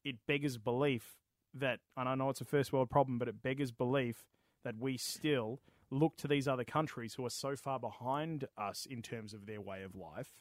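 A man's voice: medium pitch, steady tone, normal speed, no echo, clean studio sound. An Australian man co-hosting a gaming podcast, agreeing with his mate and explaining his view in casual chat. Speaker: podcast co-host.

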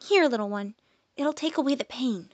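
A bubbly young woman with a high, gushing storybook voice that leaps up in pitch, played by a woman narrator. The sound is close and dry, with no room around it. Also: expressive, normal speed, no echo, muffled recording. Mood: sweet.

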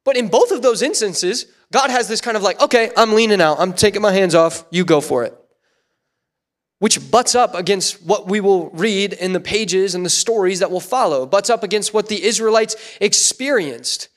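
Animated male preacher, high voice, church sermon, puts on voices for the quotes. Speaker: pastor.

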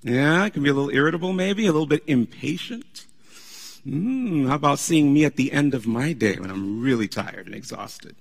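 A man preaching a sermon as pastor, animated and conversational, laughing often as he talks. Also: mid-range voice, moderate pace, creaky, long reverb tail.

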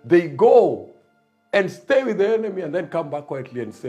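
A man's voice: a little high, animated, fairly quick, a little mellow, faint music behind. A man preaching a sermon, emphatic and repetitive, building his points.

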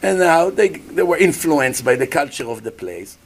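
A man giving a lively sermon as a rabbi, acting out little scenes and asking his listeners questions. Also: on the high side, moderate pace. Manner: animated preacher, acts out voices, asks the audience questions. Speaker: rabbi giving a Torah class.

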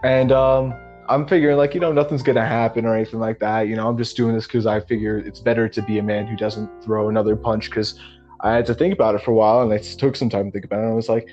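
A young man co-hosting a podcast, telling a long personal story in a relaxed, profane way, with lots of "man" and "you know". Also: fairly low pitch, fast. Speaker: podcast co-host. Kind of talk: casual storytelling chat. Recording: slightly muffled lo-fi audio with faint music.

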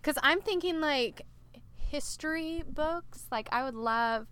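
A woman's voice: high-pitched, slow, fairly bright tone, dry recording. A woman in casual chat, upbeat and agreeable, backing the other speaker with frequent yeahs. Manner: upbeat, agreeable, lots of "yeah" and "right".

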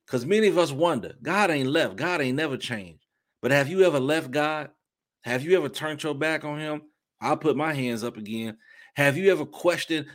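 A man preaching a fervent testimony sermon, with sudden loud bursts of praise between softer reflective stretches. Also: fairly high pitch, moderate pace. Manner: shifts between soft reflection and shouting. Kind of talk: impassioned sermon.

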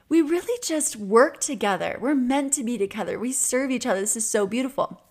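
A podcast host in her twenties delivers a casual, reflective monologue, earnest and chatty, laughing often and leaning on fillers. Her voice is a little high and fairly quick, with hardly any pauses.

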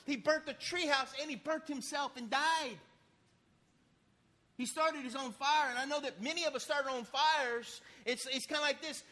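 A man preaching a sermon in church, lively and folksy, with sudden loud bursts and casual asides. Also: very high voice, moderate pace. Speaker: pastor.

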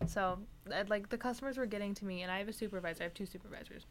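Young woman, fast rambling delivery full of fillers, faint room noise behind. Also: medium pitch. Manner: rambling, filler-heavy, profane. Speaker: retail stocker. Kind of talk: casual venting chat.

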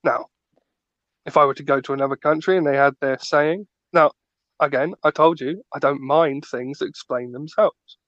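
A man's voice: a little high, normal speed, a bit bright, no echo, highs cut off. A man co-hosting a podcast, ranting playfully in casual chat and acting out little scenes. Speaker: podcast co-host.

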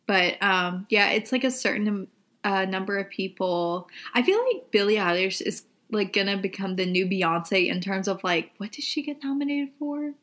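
A woman's voice: mid-range voice, moderate pace, a bit bright. A young adult woman co-hosting a podcast, chatting casually with many "like" and "um" fillers. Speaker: podcast co-host.

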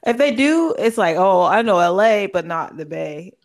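A woman's voice: medium pitch, animated, moderate pace. A young woman from Oakland hosts a podcast in a loose, casual chat. She is playful and laughs often. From Oakland, California. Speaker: podcast host.

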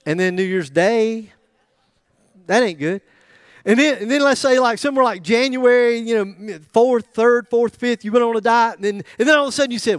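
A man's voice: very high-pitched, moderate pace, clean tone, no room sound, clean studio sound. A middle-aged man preaching a sermon in a joking, conversational way, with asides to the congregation. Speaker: pastor.

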